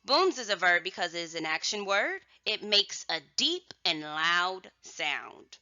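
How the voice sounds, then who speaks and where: A woman teaching young children a phonics and vocabulary lesson, enunciating words slowly and emphatically, then calling out single words loudly. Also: lowish voice, very animated, no room sound, dull audio. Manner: slow, emphatic, drawn-out enunciation with sudden loud word calls.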